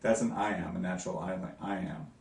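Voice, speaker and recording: A man teaching a recorded lesson to his class, lively and demonstrative, sounding out stresses. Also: low-pitched, moderate pace, reverberant, far from the mic. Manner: lively, demonstrative, sing-song stress demos.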